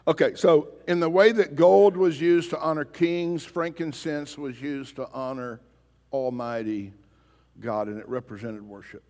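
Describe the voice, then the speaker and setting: A man's voice: fairly high pitch, unhurried, darkish tone. A man preaching a sermon as pastor, emphatic and pressing his congregation with pointed questions. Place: church sanctuary. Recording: long reverb of a large hall.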